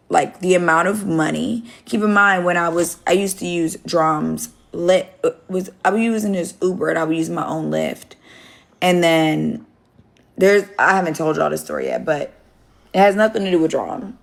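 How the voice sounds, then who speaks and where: A young woman talks to her followers on a phone live stream, rambling candidly and swearing freely. Her voice sits low and has a gravelly fry to it. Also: normal speed. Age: young adult. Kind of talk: casual live-stream storytelling.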